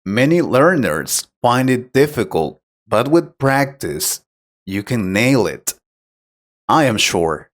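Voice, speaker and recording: Slow, lively-voiced male English teacher. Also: mid-range voice. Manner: clear, patient explaining. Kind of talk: scripted conversation lesson.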